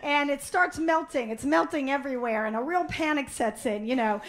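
High-voiced woman doing a stand-up set. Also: normal speed. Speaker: stand-up comedian. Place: stage before a live audience.

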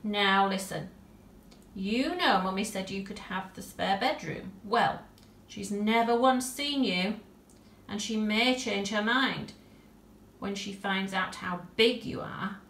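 A woman voicing a cross, bossy little girl who scolds her bear loudly. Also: medium pitch, slow, roomy sound. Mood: stern.

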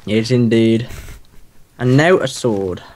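A man's voice: mid-range voice, slow, a little mellow, a little hiss or hum. A man from the UK, co-playing a game in laid-back casual chat, chuckling easily. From United Kingdom. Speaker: co-player. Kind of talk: casual let's-play chat.

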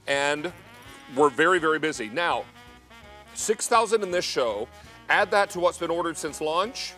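A man hosts a live TV shopping show in a studio kitchen. He keeps up a friendly, chatty sales patter in a fairly high voice. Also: animated, measured pace, sharp tone, soft background music. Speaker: TV shopping host.

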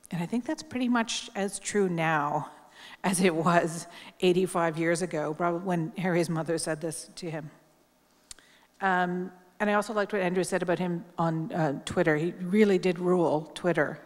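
A woman's voice: fairly low pitch, fairly even intonation, normal speed. A middle-aged woman journalist giving a candid, wry tribute speech at a memorial, talking casually with plenty of ums. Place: large hall at a public event. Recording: long hall reverb.

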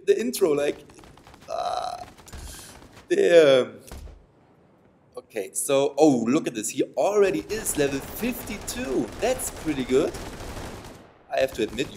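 A man giving playful, excitable commentary over a game, taunting his opponents and laughing often. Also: on the high side, a little hiss or hum. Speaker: gaming commentator. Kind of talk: excitable let's-play commentary.

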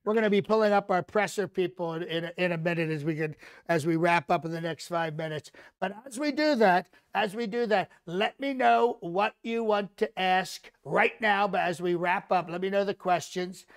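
A man's voice: sits high, moderate pace, hardly any pauses, smooth. A comedian playing a bragging, rambling older male politician, hosting a live mock press conference. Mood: boastful. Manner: bragging, repetitive, rambling asides.

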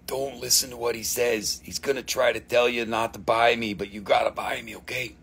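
A man voicing a boastful, crude talking crystal that pleads in a hushed, pushy tone to be bought. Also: little pitch movement, a little fast, creaky, husky. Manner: hushed, pleading sales pitch.

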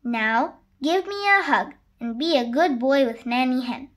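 A woman's voice: high voice, lively intonation, unhurried, a bit bright. A woman reading a children's story and voicing a firm, loving mother donkey.

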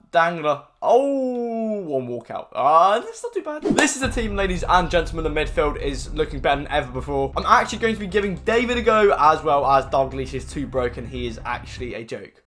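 A man giving casual, rambling gameplay commentary as a YouTuber, full of fillers and sudden excited shouts. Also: on the high side, a little fast, hardly any pauses, soft background music. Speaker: gaming YouTuber.

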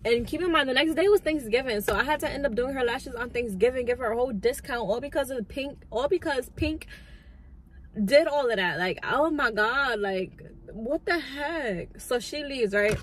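A young adult woman and lash artist telling a storytime with a calm, chatty delivery full of "like". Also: high voice, normal speed. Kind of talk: casual storytime.

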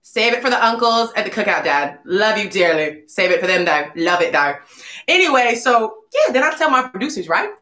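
A young woman telling a casual storytime vlog, animated and slangy, acting out the voices of people in her story. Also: mid-range voice, brisk. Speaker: singer vlogging a story. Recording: echoey room.

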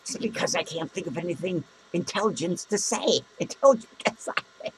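A man's voice: high voice, animated, moderate pace, a little hiss or hum, low-quality recording. A man playing a crude, drunk clown who hosts a podcast from a small studio, rambling and swearing between cackling laughs. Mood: boozy rambling. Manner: rambling, profane, self-mocking, with loud cackling laughs. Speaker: podcast host. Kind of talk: comic in-character podcast rant.

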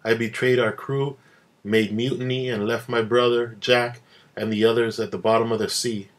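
A man's voice: medium pitch, little pitch movement, moderate pace, close to an everyday voice. A man voicing a stern male pirate captain who is blunt and commanding. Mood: pressing. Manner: blunt, questioning.

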